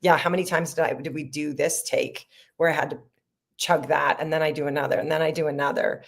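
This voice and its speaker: A middle-aged woman with a deep, gravelly voice speaks briskly in a steady tone. She's the creator and lead actor of a sketch comedy, chatting casually behind the scenes about making it, rambling and laughing often.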